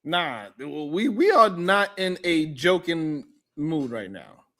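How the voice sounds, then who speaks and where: A man's voice: a little high, very animated, slow, a bit bright. A man hosting a heated panel debate, blunt and incredulous, often breaking into laughter. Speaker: host.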